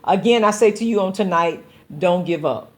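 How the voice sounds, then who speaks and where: A woman's voice: fairly low pitch, normal speed. A woman pastor hosting a call-in show, talking to listeners in an earnest, exhorting preaching style and often repeating words as she builds a point. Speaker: pastor and radio show host.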